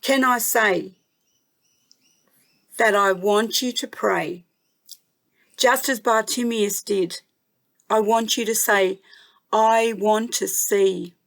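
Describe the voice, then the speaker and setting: A woman from New South Wales with an Australian accent, gently telling a Bible story to children as a guest storyteller. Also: mid-range voice, creaky. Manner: gentle, slow, warmly emphatic.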